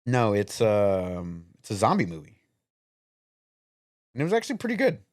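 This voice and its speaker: A man's voice: lowish voice, huge pitch swings, normal speed, dry recording, clean studio sound. A man co-hosting a podcast in casual chat, rambling and swearing while he hunts for names. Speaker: podcast co-host.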